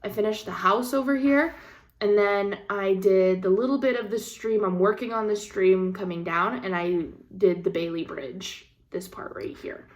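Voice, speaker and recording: A woman's voice: mid-range voice, steady tone, moderate pace. A young woman craft vlogger telling a story in casual chat, with frequent laughs and the odd swear word. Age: young adult.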